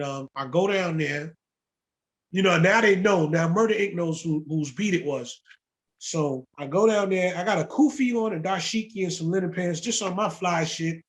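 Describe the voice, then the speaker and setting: A man from the Bronx, a music producer telling stories in a casual interview, profane, animated and full of slang. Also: high voice. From the Bronx, New York.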